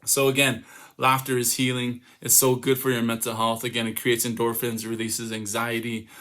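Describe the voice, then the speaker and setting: A man who is a comedian, giving a motivational talk to young people over a video call, telling stories with lively acted-out quotes. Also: medium pitch, normal speed. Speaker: comedian and youth speaker. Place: home, online summit.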